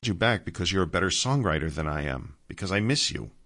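A man playing a gentle earnest old man. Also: sits low, animated, fast talker. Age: older. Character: old man, tender, steady.

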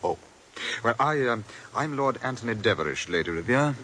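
An actor playing a bored, suave English lord who talks in a languid drawl, in 1940s radio acting. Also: male voice, mid-range voice, expressive, normal speed, pushed and bright, a little hiss or hum, low-quality recording. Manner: languid, drawling, upper-class.

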